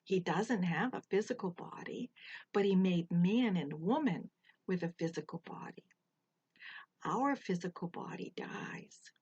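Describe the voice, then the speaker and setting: An older woman teaching a Bible verse to children, slow and deliberate, pausing so they can repeat after her. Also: fairly low pitch, expressive, a little mellow, husky, muffled recording. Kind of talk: slow, gentle children's lesson.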